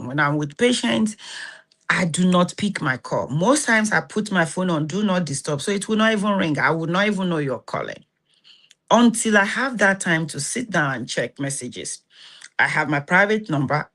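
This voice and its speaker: A woman with a Nigerian Yoruba accent talks to her live-stream audience in a slightly low voice. She speaks animatedly and acts out the people she quotes in lively back-and-forth. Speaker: host of a live stream on relationships and healing.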